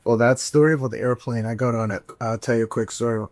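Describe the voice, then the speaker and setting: A man hosting a podcast, telling a story in a casual, animated way, swearing and acting out the voices he quotes. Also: medium pitch, quick pace, no room sound. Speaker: podcast host.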